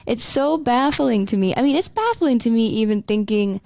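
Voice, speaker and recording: Fired-up young woman podcaster, slightly high. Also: expressive, creaky, a little mellow, no room sound. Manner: heated, fast, trailing restarts and swearing. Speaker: podcast co-host. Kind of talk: casual chat.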